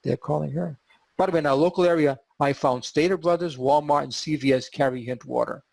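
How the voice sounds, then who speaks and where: A man hosting a podcast and telling a story in an animated way, acting out the quotes. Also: fairly high pitch, brisk, creaky, no room sound. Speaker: podcast host.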